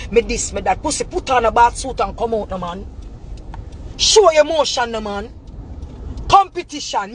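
A Jamaican woman ranting to camera in a heated, profane, repetitive tirade that breaks into shouting. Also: fairly high pitch, slight background noise. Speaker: vlogger. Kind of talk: angry rant to camera.

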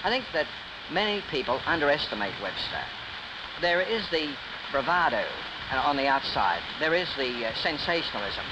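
A man speaking in a documentary interview, measured and thoughtful, with occasional hesitant fillers. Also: fairly high pitch, sing-song, background noise. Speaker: interviewee, chapel associate.

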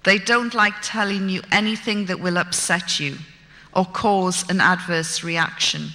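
A woman recounts a gripping personal story, vivid and self-mocking in her wit. She speaks slowly, with a strikingly bright, forceful tone. Her voice carries a long reverb, as if she were in a large hall. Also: on the low side, steady tone. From Britain.

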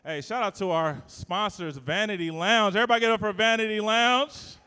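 A man hosting a live event, working the crowd in a loud, teasing, playful way with sudden shouts. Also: sits high, steady tone, a little fast, clean tone. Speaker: event host and emcee. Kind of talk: live hype emcee to a crowd. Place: live event venue indoors. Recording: long reverb of a big event hall.

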